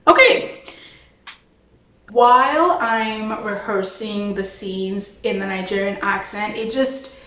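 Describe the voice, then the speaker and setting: Young actress, conversational storytime delivery, mid-pitched, expressive, in a reverberant room. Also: female voice, slow. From Toronto, Canada. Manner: chatty and expressive, frequent "like". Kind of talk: storytime vlog.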